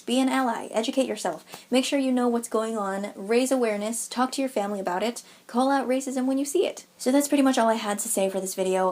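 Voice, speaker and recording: A woman's voice: medium pitch, darkish tone. A young American woman in her twenties giving a blunt, sarcastic commentary vlog. She swears often and laughs now and then. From United States. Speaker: YouTuber.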